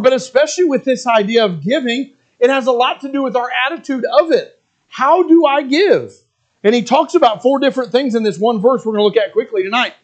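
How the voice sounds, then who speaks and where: A middle-aged male pastor preaching a sermon, earnest and plain, who slips into mocking asides as he quotes reluctant givers. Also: very high-pitched.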